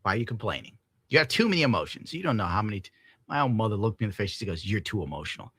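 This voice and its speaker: Bright, profane ranting male streamer. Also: on the low side, sing-song, racing, husky, no echo, studio quality. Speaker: streamer reacting to a clip. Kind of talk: ranting live-stream commentary.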